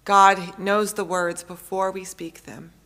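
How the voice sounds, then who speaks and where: A woman in her thirties, a pastor preaching a sermon in a measured way, repeating phrases for emphasis. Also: medium pitch, flat delivery, fairly bright tone.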